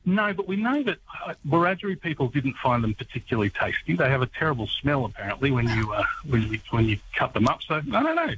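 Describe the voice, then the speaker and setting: A man telling a history story on a radio call, wry and relaxed. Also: mid-range voice, quick pace, few pauses, slightly rough, dull audio. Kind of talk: casual radio chat.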